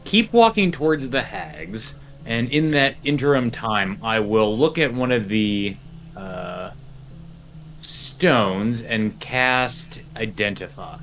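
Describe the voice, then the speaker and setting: A man's voice: fairly low pitch, expressive, takes it slowly, fairly bright tone, soft background music. A man playing a tabletop game, describing his character's actions hesitantly as he thinks aloud. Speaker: player. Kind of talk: casual tabletop play.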